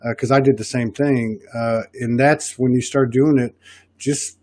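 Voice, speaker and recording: A man's voice: medium pitch, steady tone, measured pace, darkish tone, no room sound, clean studio sound. A man with a Southern US accent hosting a casual podcast chat, rambling with many restarts. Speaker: podcast host.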